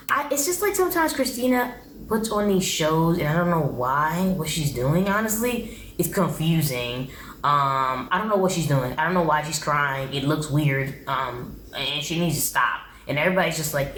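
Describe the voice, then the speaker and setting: Brief: young woman, lowish voice, blunt opinionated recap host, echoey room with faint hum. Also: animated, normal speed. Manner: blunt, opinionated, exasperated commentary. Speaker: TV show reviewer. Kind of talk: casual recap vlog.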